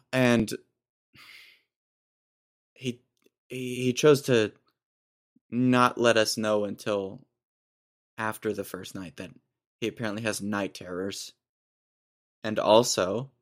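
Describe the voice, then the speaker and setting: A young man in his twenties hosting a podcast, telling a rambling, jokey story in casual slang. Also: medium pitch. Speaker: podcast host.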